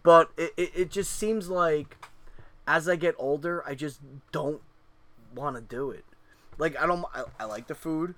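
A man's voice: a little high, unhurried, fairly bright tone. A middle-aged man co-hosting a casual chat, rambling through profane stories with lots of fillers.

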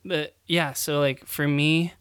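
A man's voice: on the high side, fairly even intonation, slow, a bit bright, clean tone, no echo, studio quality. A young man and new father, co-hosting a podcast in casual chat, rambling with lots of fillers and laughs as he tells stories. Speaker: podcast co-host.

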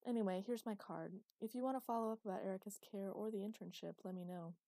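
Woman reading a courteous hospital doctor; mellow, unhurried. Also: medium pitch, no room sound, natural voice, low-quality recording. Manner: polite, businesslike. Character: polite professional woman doctor. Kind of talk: audiobook character voice.

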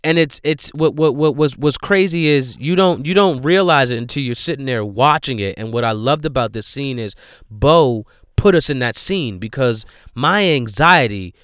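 A man hosting a casual movie review chat, emphatic and profane, breaking into loud outrage. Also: medium pitch, lively intonation, moderate pace, smooth, no echo, studio quality. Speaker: podcast host reviewing movies.

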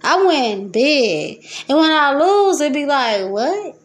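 High-voiced woman, loud and profane. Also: slow pace. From Detroit, USA. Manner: profane, laughing, swings between loud excitement and low muttering. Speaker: podcast host. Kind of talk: rambling casual monologue.

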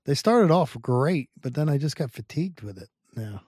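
A man co-hosting a podcast in casual chat, blunt and teasing, telling things in an animated way. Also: a little high, moderate pace, no echo, studio quality. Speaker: podcast co-host.

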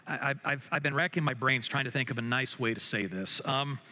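A middle-aged man preaching a sermon as a pastor, telling a gently humorous story with many hesitations and restarts. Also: mid-range voice, fairly quick, big-room sound, rough recording. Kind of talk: sermon with personal anecdote. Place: church sanctuary.

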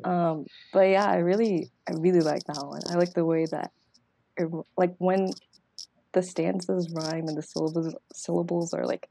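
A woman's voice: fairly low pitch, fairly even intonation, moderate pace, creaky, mellow. A young woman, a podcast guest, who recites a rhyming poem and then chats casually, trailing off and often asking "you know what I mean?".

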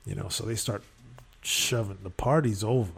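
A man co-hosting a podcast and telling a story in casual chat, animated and laughing often. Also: fairly low pitch, normal speed, creaky, husky. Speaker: podcast co-host.

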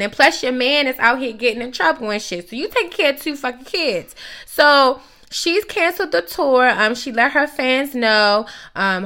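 A woman's voice: high voice, sharp tone. A young woman ranting through celebrity gossip in a blunt, sassy way, swearing constantly. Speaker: gossip commentator. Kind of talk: profane celebrity gossip rant.

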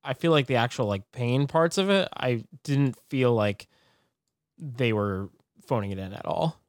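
Easygoing man pushing back gently. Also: medium pitch, unhurried, dry recording. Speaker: podcast co-host. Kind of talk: casual movie review chat.

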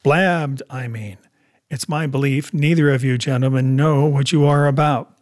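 A man's voice: medium pitch, steady tone, normal speed, close to an everyday voice. A man reading as a stern, blunt sea captain. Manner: firm, clipped and direct. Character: blunt stern male ship captain, plain-spoken. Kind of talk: audiobook character reading.

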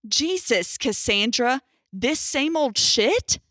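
A woman's voice: high voice, lively intonation, takes it slowly, a bit bright, no echo, studio quality, pitched above the performer's own voice, exaggerated voice. A woman voicing a tearful, resentful middle-aged mother who sniffles as she speaks, in a horror story reading. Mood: bitter.

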